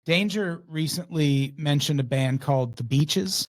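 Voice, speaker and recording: A man's voice: on the high side, unhurried. A man co-hosting a podcast, reading listener questions and chatting in a laid-back way. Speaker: podcast co-host. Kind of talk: casual podcast chat.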